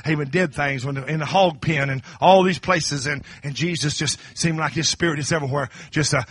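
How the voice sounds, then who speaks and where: Preacher, middle-aged man, very bright and dry close sound, shifts from hushed to shouting. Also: no room sound. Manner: swings from low confiding talk to high shouted crescendos. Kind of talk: sermon.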